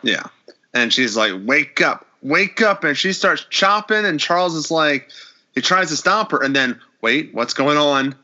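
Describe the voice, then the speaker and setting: A man retells a horror episode in casual podcast chat, acting out the characters' lines as he goes. His voice is very bright and swings widely in pitch. The recording sounds dull and lo-fi. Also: expressive, normal speed.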